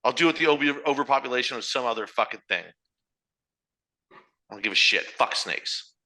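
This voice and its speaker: A man co-hosting a podcast in loud, profane, ranting banter, sometimes mimicking other people. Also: medium pitch, fast talker. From Ireland. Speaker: podcast co-host.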